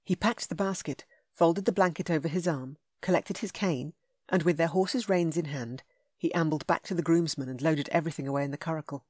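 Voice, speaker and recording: A woman narrating a romance audiobook in a smooth, measured, intimate way. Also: low voice, a little mellow, no room sound, studio quality. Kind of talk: scripted narration.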